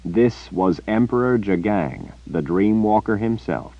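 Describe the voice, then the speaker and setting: A man narrating an audiobook in a steady, expressive storytelling manner. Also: fairly low pitch, a little slow, no room sound, muffled recording.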